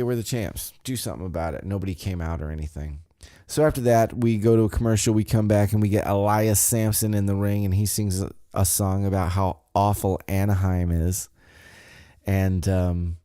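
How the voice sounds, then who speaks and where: A man's voice: low voice, dark tone, no echo, studio quality. A man hosting a podcast, recapping a wrestling show in a loose, rambling way, swearing casually and admitting he forgets details. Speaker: podcast host.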